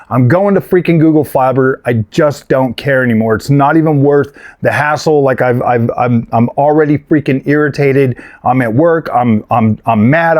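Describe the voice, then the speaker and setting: A slightly high-voiced man tells a long personal story straight to camera, full of "like" and restarts. He sounds irritated and keeps circling back as he talks. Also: a little mellow. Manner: rambling, frustrated, lots of fillers and restarts. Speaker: gaming and tech YouTuber. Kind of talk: casual storytelling vlog.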